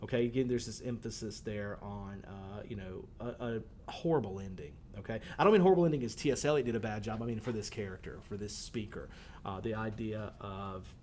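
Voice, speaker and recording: Man, teacher, casual lesson, reads poetry aloud, faint rumble behind. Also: fairly quick, warm tone. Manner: conversational, thinking aloud with fillers, reads poem lines aloud. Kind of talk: recorded poetry lesson for students.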